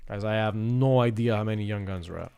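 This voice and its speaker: A man's voice: on the low side, a little fast, vocal fry, a little mellow, clean tone. A man hosting a live sports card break, rattling off players and teams between upbeat asides. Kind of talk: live pack-opening commentary.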